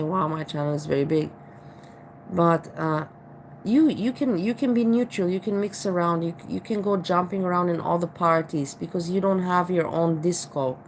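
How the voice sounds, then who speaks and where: A woman's voice: lowish voice, a little hiss or hum, rough recording. A woman from Austria with an Austrian accent, chatting casually in a vlog and rambling with many restarts and repeated "you know.". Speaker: vlogger. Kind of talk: casual chat.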